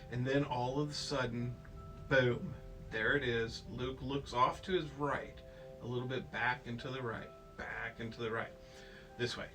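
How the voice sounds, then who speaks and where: A man's voice: medium pitch, fairly bright tone. A man telling a child an improvised bedtime story, playful and rambling, with silly sound effects. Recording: distant mic with faint music.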